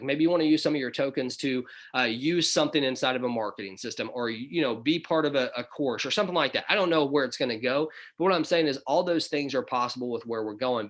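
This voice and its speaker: A man's voice: mid-range voice, a bit bright. A middle-aged man with a Southern accent, leading his business group on a motivational call and checking in with "okay?" and "right?". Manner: coaxing, repeats "okay?" and "right?".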